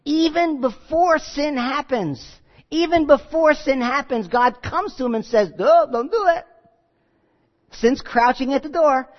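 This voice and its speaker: A man preaching a sermon, animated and acting out the voices he quotes. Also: extremely high pitch, unhurried. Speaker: pastor. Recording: dull lo-fi recording with long hall reverb.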